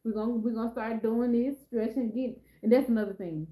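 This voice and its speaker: A middle-aged woman hosts a casual live stream, chatting and rambling as she talks straight to her viewers. Her voice sits a little high, with a warm, mellow tone. The sound carries a noticeable room echo. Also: steady tone, brisk. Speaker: lifestyle vlogger hosting a live stream.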